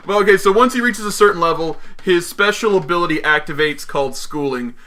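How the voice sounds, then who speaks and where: A young man co-hosting a casual podcast chat, excitable and quick to swear and laugh. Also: sits high. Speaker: podcast co-host.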